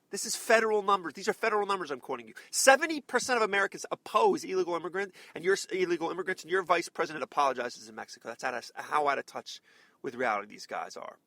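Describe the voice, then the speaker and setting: A man's voice: high-pitched, expressive, fast, bright, forceful tone, dry recording. A man hosting a political talk show, delivering combative, sarcastic commentary with heavy emphasis. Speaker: radio talk show host.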